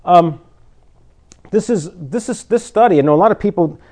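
A man's voice: high voice, expressive, moderate pace, a little mellow. A man preaching an informal sermon to his congregation, conversational and full of rhetorical questions, at times laughing at his own jokes.

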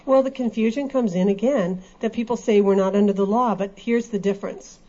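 A woman's voice: medium pitch, a little fast, dark tone. Earnest woman explaining scripture. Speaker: co-host in a Bible discussion. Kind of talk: casual religious discussion. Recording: dull lo-fi recording.

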